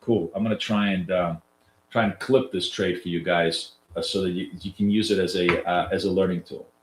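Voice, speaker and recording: A man's voice: low-pitched, fairly even intonation, normal speed, a little hiss or hum. A man with a nasal voice, giving loose, chatty live trading commentary to viewers as a coach, with lots of fillers and restarts. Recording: roomy echo.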